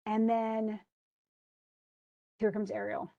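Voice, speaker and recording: A woman's voice: medium pitch, completely flat delivery, slow, vocal fry, dark tone, dull audio. A woman teaching, casually retelling a play and paraphrasing it in modern everyday speech. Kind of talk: casual literature lesson.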